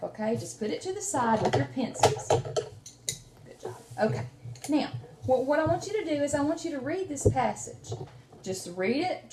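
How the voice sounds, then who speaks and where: A woman teacher reading a storybook aloud and tutoring a child, in an expressive and encouraging manner. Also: fairly high pitch. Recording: roomy room with faint noise.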